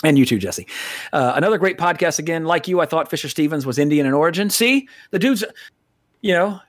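An American man co-hosting a podcast, talking casually with a slightly high voice. He rambles, swears freely and laughs at his own jokes. The sound is close and dry, with little room around it. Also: animated, fast talker, no echo. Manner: rambling, profane, laughs often. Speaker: podcast co-host.

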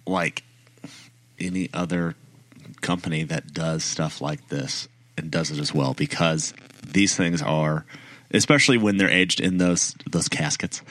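A man's voice: deep voice, steady tone, a little slow, fairly bright tone, no echo. A man co-hosting a podcast, rambling easily through a casual ad read and chat. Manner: rambling, easygoing. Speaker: podcast co-host.

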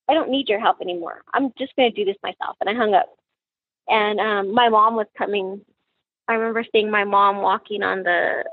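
A woman, a mother, recounting a personal tragedy in halting, emotional speech with many fillers and restarts. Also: on the high side, slightly rough, no room sound, narrow, tinny audio. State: tearful, emotional. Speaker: mother of a crime victim.

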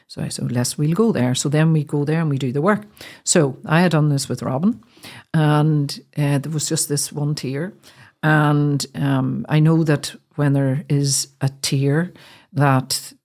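A middle-aged Irish woman from Ireland, a guest telling a personal story in an interview, halting with many fillers and restarts. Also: deep voice, darkish tone.

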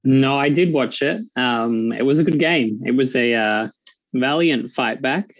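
A man talking as a guest on a sports podcast, relaxed and a bit hesitant. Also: mid-range voice, a little slow, dry recording. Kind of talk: casual sports podcast chat.

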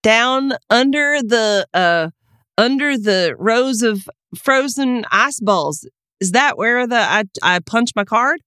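A woman improvising a nervous, flirty new fast-food employee over a video call. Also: fairly high pitch, lively intonation, pushed and bright, smooth, no echo, clean studio sound, exaggerated voice. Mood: flustered. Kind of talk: improvised comedy scene.

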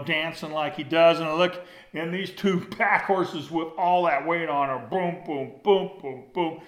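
Older guy spinning a folksy yarn, a bit high for a man, echoey room. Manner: folksy, rambling, acts out with gestures. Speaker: storyteller. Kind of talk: casual storytelling to an audience.

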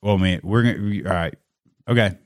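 Emotional low-voiced man host. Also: fairly quick, no echo, clean studio sound. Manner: openly emotional, warm and conversational. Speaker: podcast host. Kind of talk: casual interview chat.

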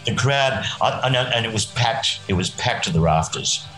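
A man's voice: medium pitch, expressive, normal speed, sharp tone, reverberant, soft background music, rough recording. An Australian man, a musician guest, rambling through a story and chuckling often. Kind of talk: casual anecdote telling.

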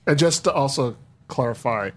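A man's voice: mid-range voice, expressive, moderate pace. A man hosting a tech podcast, asking clarifying questions and closing the show in a friendly, agreeable way. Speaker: podcast host. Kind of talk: casual tech chat and show sign-off.

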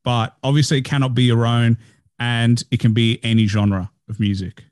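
A man hosting an interview podcast who speaks in a relaxed, frank way and swears now and then. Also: medium pitch, moderate pace, no room sound, clean studio sound. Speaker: podcast host. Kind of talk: casual interview talk.

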